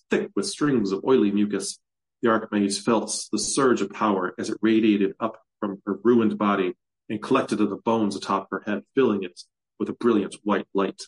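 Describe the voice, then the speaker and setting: Man calmly narrating dark fantasy. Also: on the low side, rough recording. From USA. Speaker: author reading his story.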